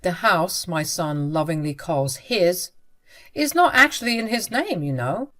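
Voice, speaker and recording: A woman voicing an older father-in-law in a story, reassuring and steady in how he speaks. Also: on the low side, a little slow. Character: kindly older father-in-law, protective and firm.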